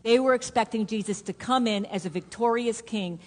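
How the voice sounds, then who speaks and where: Woman pastor, sermon delivery, earnest repeating cadence with hushed drops, lingering hall echo. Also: a little high, normal speed. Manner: earnest, repetitive preaching cadence that drops to a hush for emphasis. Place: church sanctuary. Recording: long hall reverb.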